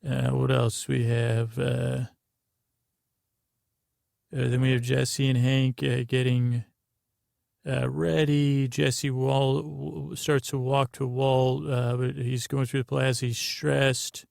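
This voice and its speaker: A man hosting a bedtime podcast, rambling slowly and aimlessly with many fillers. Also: medium pitch, level tone, creaky, a little mellow, dry recording, clean studio sound. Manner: meandering and slow, with many fillers. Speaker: podcast host. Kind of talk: drowsy bedtime podcast monologue.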